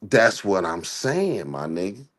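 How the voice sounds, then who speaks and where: A man hosting a podcast, arguing in a heated casual debate and firing off rapid strings of "no.". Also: low-pitched, very animated, a bit bright. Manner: argumentative, repeats "no" in rapid bursts. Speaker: podcast host.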